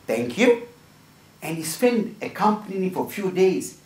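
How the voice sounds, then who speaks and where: A man's voice: sits high, expressive, moderate pace, a little mellow. A middle-aged man giving a motivational workshop talk full of personal stories, earnest and often asking "right?". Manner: earnest, tags points with "right?". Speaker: workshop speaker. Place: room with a small group. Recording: echoey room from a distance.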